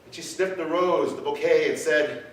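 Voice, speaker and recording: A man performing a dramatic spoken-word story in a measured, emotional way that rises to shouts. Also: fairly high pitch. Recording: echoey hall from far off, faint ambience.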